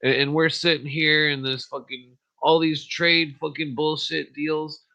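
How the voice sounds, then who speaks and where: A man's voice: a little high, flat delivery, a little slow, pushed and bright. A man hosting a podcast, ranting in a rambling, profane monologue full of fillers and short laughs. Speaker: podcast host. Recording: dull lo-fi audio.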